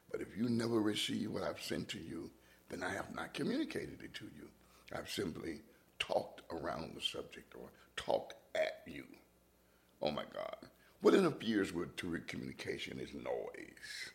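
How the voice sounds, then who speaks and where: A man's voice: extremely low pitch, gravelly. A man hosting a reflective monologue, musing with restarts and sometimes dropping into a whisper. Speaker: podcast host.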